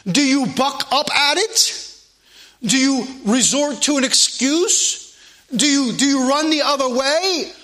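A man's voice: very high-pitched, pushed and bright. A man preaching a sermon, reading scripture aloud and pressing questions on his listeners with emphatic delivery.

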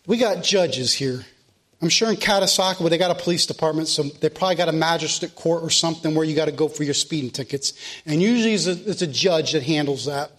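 A middle-aged man preaching a sermon in a church, fervent, swinging from loud Scripture reading to soft, earnest pleading. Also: on the high side, quick pace. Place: church sanctuary.

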